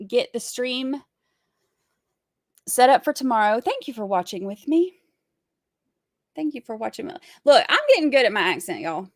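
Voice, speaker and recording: A woman's voice: on the high side, expressive, unhurried, long pauses, no echo, studio quality. A sleep-deprived woman, chatting casually and rambling with giggles as a livestream host. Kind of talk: casual chat.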